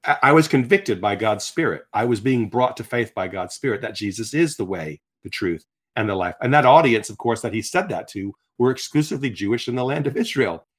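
A man in his sixties telling his conversion story in conversation, animated, acting out quotes as he talks. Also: mid-range voice, fairly quick, hardly any pauses. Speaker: guest sharing his testimony. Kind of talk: conversational faith testimony.

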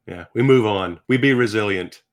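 A man with a fairly low voice, talking as a guest in an interview. He tells his stories in an animated, self-deprecating way, breaking off and restarting his sentences. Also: normal speed. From Virginia, United States. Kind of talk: personal storytelling in conversation.

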